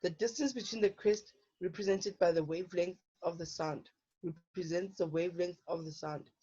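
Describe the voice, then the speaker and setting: A woman's voice: on the low side, steady tone, normal speed, dark tone, husky. Woman teaching an online lesson. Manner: checks in with frequent "okay?". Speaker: physical science teacher. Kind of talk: online lesson explaining problems. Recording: dull lo-fi online lesson audio.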